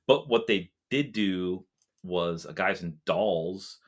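A man's voice: deep voice, takes it slowly. A man co-hosting a podcast, chatting casually and enthusiastically, swearing now and then. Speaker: podcast co-host. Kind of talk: casual chat.

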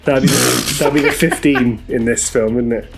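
A man chatting casually while watching a film, skeptical and quick to argue, with a dry manner. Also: medium pitch, fairly even intonation, vocal fry. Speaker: film watch-along co-host. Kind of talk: casual reaction chat over a film. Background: faint film soundtrack music.

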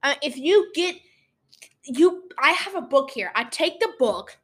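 A teenage girl hosts a casual storytelling podcast from a room at home. Her high voice is sing-song, a bit bright, and unhurried. She rambles, apologizes, and keeps getting sidetracked.

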